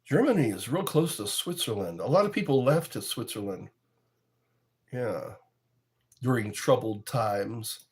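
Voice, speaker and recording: A man's voice: medium pitch, expressive, unhurried. A man casually chatting with viewers on his livestream, rambling and joking, reading comments aloud and often laughing at his own jokes. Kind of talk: casual chat with live viewers.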